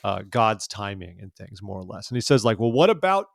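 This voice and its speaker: A man's voice: lowish voice, steady tone, a little fast, gravelly, a bit bright, no room sound, clean studio sound. A man co-hosting a news podcast, talking casually with fillers and restarts. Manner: conversational, hesitant with fillers and restarts. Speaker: podcast co-host.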